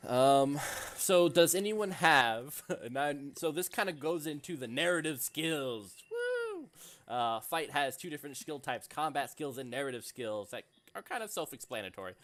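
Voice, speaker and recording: A man running a tabletop role-playing session, relaxed and chatty, his narration loose with fillers. His voice sits at an ordinary middle pitch. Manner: relaxed, many fillers, laughs often. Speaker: game master.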